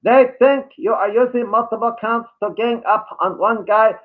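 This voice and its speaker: A man's voice: high-pitched, normal speed, voice pushed up, natural voice. A man doing a smug thick-accented commenter. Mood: lecturing. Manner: lecturing, sneering. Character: smug, condescending male online commenter. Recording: tinny phone-like audio.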